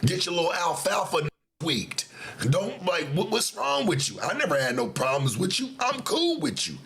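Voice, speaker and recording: A man's voice: high-pitched, very animated, normal speed, creaky, a bit bright. A man hosting a livestream, ranting in confrontational, slangy street talk. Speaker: livestream host. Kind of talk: livestream rant.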